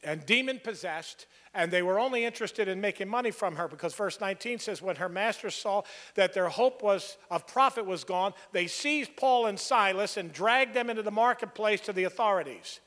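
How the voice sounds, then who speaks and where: A man's voice: high-pitched, moderate pace, hardly any pauses, fairly bright tone, long reverb tail. A man preaching an expository sermon, earnest and conversational, building to emphatic points. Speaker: pastor.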